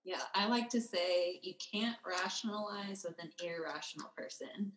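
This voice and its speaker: A woman's voice: fairly low pitch, moderate pace, fairly bright tone. Easygoing woman host in an echoey room. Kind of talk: casual interview. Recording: roomy echo.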